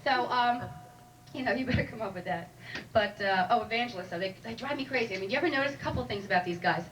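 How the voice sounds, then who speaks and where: Speaking quickly in a fairly high voice, a woman works a comedy club crowd with chatty, wry jokes and teasing. The set was recorded live from a distant mic, so room noise comes through.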